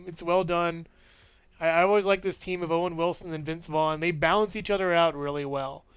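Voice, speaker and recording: A man's voice: sits high, clear, resonant tone, no echo. A man giving a casual, rambling movie review with lots of enthusiasm and frequent laughs.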